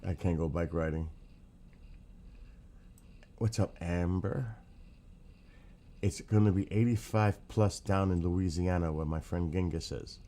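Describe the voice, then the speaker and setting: This is a man from New York with a clear New York accent and a very low voice. He rambles in a loose, friendly way through his morning livestream, greeting viewers by name as he goes. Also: unhurried, long pauses, dark tone, slight background noise. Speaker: livestream host. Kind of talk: casual morning livestream chat.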